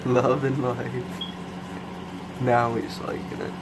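A man filming his pet lizard on a phone, talking to it in a slow, easygoing, cooing way. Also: medium pitch, completely flat delivery. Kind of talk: casual home video chat. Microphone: phone camera. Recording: noisy home phone recording.

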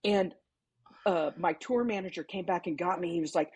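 A woman with a Texan accent, a podcast guest telling stories casually, animated and laughing, with some swearing. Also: lowish voice, moderate pace, a crowd in the background. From Texas. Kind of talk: casual storytelling.

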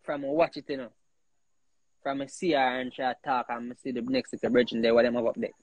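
A man's voice: medium pitch, fast talker, dry recording, dull audio. Emphatic Jamaican man, dry sound. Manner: animated, emphatic, repeats himself. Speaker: host. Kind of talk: heated casual talk.

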